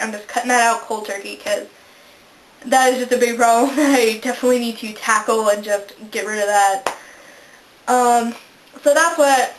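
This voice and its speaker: Young woman chatting to her camera, kinda high voice, giggles a lot and laughs at herself, room's a bit echoey. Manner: chatty, giggly, self-deprecating. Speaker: vlogger. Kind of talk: casual chat. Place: indoors, a room in a house. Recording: echoey room.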